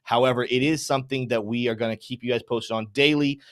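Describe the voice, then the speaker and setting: A young adult man hosting a live crypto market stream, reading out chat names with upbeat, energetic shout-outs before moving to chart talk. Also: mid-range voice, fast talker.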